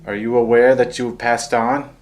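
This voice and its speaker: A man's voice: medium pitch, level tone, normal speed, a little mellow, soft background music. A man investigating a haunted house, calling out to spirits and reacting with startled swearing. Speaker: paranormal investigator. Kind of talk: ghost-hunting video.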